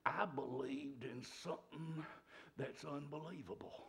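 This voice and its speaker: A male preacher, delivering a sermon that swings from shouts to hushed whispers. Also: fairly high pitch, lively intonation, slow, creaky.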